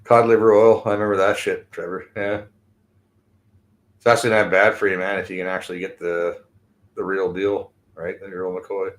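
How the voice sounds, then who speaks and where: A Canadian man hosting a podcast, high and rambling in casual, profane chat with frequent laughs. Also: level tone, moderate pace.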